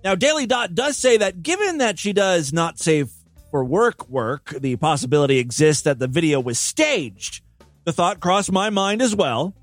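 A man's voice: high voice, lively intonation, normal speed, no room sound, soft background music. A man giving sarcastic, incredulous commentary on a video clip. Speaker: commentary host. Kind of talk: reaction commentary.

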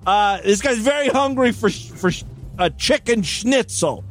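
Crude, animated high-voiced male host. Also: moderate pace, faint music behind. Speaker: podcast host. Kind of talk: crude comedic commentary on clips.

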